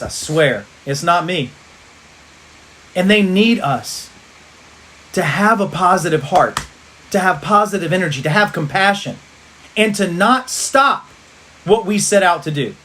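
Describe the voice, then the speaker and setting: A man delivers an energetic motivational pep talk to his team on a livestream, repeating rallying lines the way a preacher would. His voice is high.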